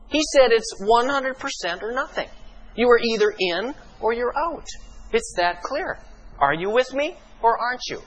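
A man preaching a sermon as pastor, emphatic and full of rhetorical questions, slowing down for dramatic pauses. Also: extremely high pitch, big pitch swings, a bit bright, poor audio.

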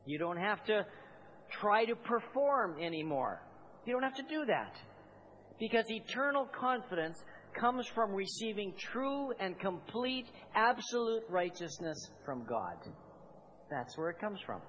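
A man's voice: high-pitched, sing-song, measured pace, fairly bright tone, muffled recording, a little hiss or hum. A man preaching a sermon to his congregation as their pastor, calling on them to repeat after him and building to emphatic, repeated phrases. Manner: building to fervent, emphatic repetition; calls on the congregation to respond.

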